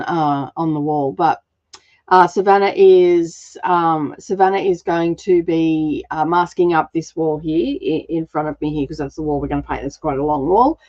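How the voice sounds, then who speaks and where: A woman's voice: fairly low pitch, a little mellow. Chatty woman host with muffled audio. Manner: chatty and rambling, laughs often, many fillers. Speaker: craft channel host. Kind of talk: casual livestream chat.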